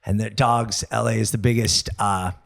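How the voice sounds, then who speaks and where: A man's voice: lowish voice, steady tone, moderate pace, gravelly, fairly bright tone. A man speaking as a guest on a podcast in casual chat, earnest and eager to share facts. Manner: earnest, enthusiastic about facts. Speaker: guest, local history video creator.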